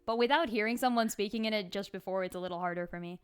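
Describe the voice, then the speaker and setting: A woman's voice: medium pitch, fast, clean tone. A woman streamer chatting casually while she draws, laughing often. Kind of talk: casual chat while drawing on a live stream.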